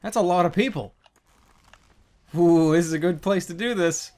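A man giving loud, excitable gameplay commentary, yelping and swearing while desperate to pee. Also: high-pitched, normal speed, pauses often. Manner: excitable, yelps and swears, self-mocking. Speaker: gaming YouTuber.

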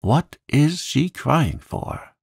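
A man voicing a severe, stately headmistress in a calm storybook reading. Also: fairly low pitch, normal speed, creaky, no echo, clean studio sound, exaggerated voice. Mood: stern. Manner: stern and stately.

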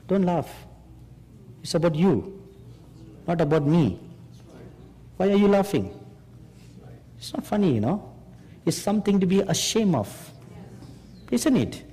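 Slow, emphatic preacher in a hall. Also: male voice, a little high, mellow, husky. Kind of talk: sermon. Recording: long hall reverb.

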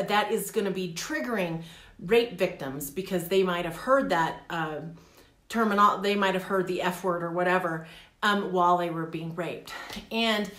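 A middle-aged woman talking candidly in a personal vlog, animated and laughing often. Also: lowish voice, echoey room. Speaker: vlogger. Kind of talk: casual personal vlog talk.

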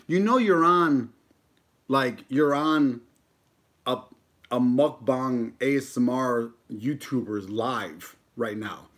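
A man's voice: medium pitch, slow pace, a bit bright. A man in his thirties from the United States, chatting casually and joking while eating on a live stream, swearing freely. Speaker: mukbang YouTuber.

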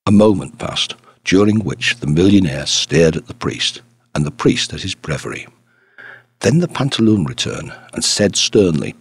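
Man reading a detective story, husky and expressive, very dry recording. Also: deep voice, moderate pace, no room sound. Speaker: audiobook narrator. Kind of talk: scripted narration.

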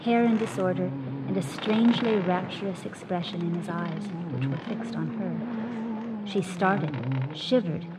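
Woman reading an old story out loud, steady and expressive, middle pitch, lots of hiss. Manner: measured, expressive narration. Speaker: reader. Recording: noisy recording with hiss.

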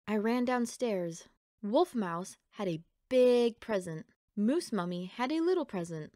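A woman reads a children's picture book aloud at an unhurried pace. Her mid-range voice is gentle and expressive. The sound is close and dry. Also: medium pitch, no room sound. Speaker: storybook reader.

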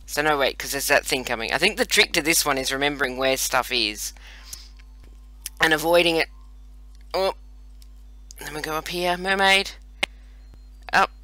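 An Australian let's play host of about forty chats playfully and pokes fun at himself while gaming, his voice a little high and sharp, at a moderate pace with frequent pauses. The recording is dry, with soft music in the background.

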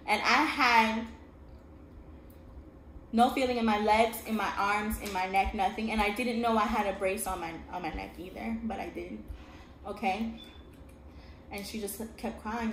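This vlogger, a young woman with a mid-range voice at normal speed, opens up sincerely about something painful. "Okay?" comes up again and again as she checks on her listener, and the room sounds echoey with a constant noise floor.

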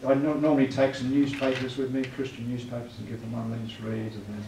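At a quick pace and in a flat, mid-range voice, a church evangelism teacher gives a chatty training talk in an echoey hall, regularly tossing tag questions at the room. The mic sits far off and noise comes through clearly.

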